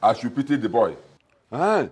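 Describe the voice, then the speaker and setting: An actor playing a gruff, mocking middle-aged Nigerian father with a husky voice. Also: mid-range voice, sing-song, moderate pace, darkish tone. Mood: scornful. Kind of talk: Nollywood film acting.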